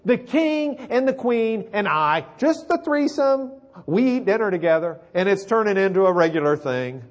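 A man's voice: high-pitched, big pitch swings, normal speed, voice pushed up. A man voicing a proud, bragging royal official in a sermon retelling. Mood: boastful. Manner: bragging, swaggering.

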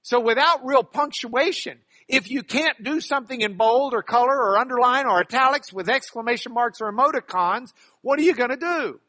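A man's voice: very high voice, normal speed, few pauses, sharp tone, no echo. A man who works as a trial lawyer teaching a class from slides, folksy and emphatic, with joking asides.

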